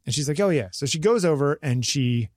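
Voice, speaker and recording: Married guy on a podcast, talks animated, acts out the people in his stories, dry close mic. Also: a little high, brisk, no echo. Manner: animated storytelling, acts out quotes. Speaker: podcast co-host. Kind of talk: casual conversation.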